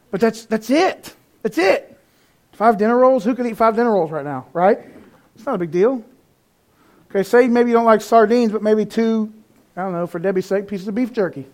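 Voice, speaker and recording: A man preaching in a high, animated voice. He talks conversationally, swings between loud emphatic peaks and quiet asides, and keeps a lively sermon pace. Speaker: pastor.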